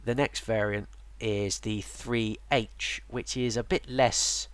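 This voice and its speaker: A tired, yawning man with a fairly low, clean voice takes it slowly while casually explaining a game's units, with no room sound. As a game guide presenter in this relaxed tutorial narration, he rambles with lots of ums and restarts.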